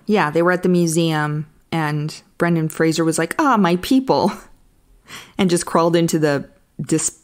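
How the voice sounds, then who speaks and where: Young female co-host with a lower voice, casual and wry, dry humor in movie chat. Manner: wry, dry asides, laughs easily. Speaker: podcast co-host.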